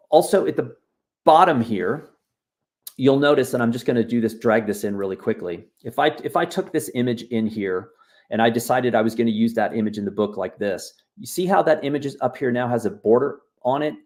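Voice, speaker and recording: A man leading a live online bookmaking workshop, walking viewers through software in a loose, chatty, encouraging way while he clicks around. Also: mid-range voice. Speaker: workshop instructor. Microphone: video call.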